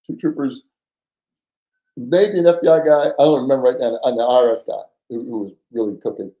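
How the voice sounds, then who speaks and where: In poor-quality audio, a man with a medium-pitched voice talks a little fast as a podcast guest recounting a story. He's a former undercover agent and a lively storyteller, slipping into slang and doing the characters' voices.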